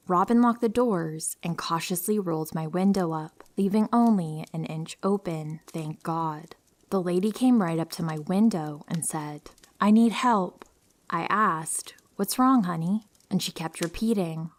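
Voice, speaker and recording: Young woman narrator, slightly low voice, soft sleepy horror storytelling. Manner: calm, low-key reading with hushed whispery stretches. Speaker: narrator reading listener stories.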